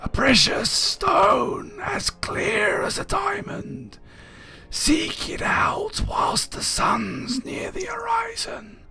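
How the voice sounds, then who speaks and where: A man voicing an eerie mist spirit that speaks riddles in a whispered role-play, slow and drawn-out. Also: sing-song, vocal fry, full character voice. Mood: riddling. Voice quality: high whispery voice in the head. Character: eerie misty spirit with a humanoid face, riddling.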